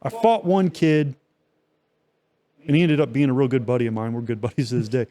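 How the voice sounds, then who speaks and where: A man's voice: medium pitch, brisk, mellow. A young man co-hosting a podcast, telling a long story in loose, profane casual chat with many fillers. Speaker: podcast co-host.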